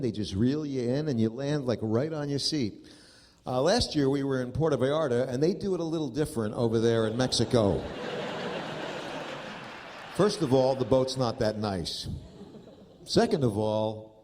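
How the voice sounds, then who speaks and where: In a noisy live recording, a man in his fifties performs stand-up comedy, his mid-range voice a little mellow. His storytelling is exasperated and full of profanity.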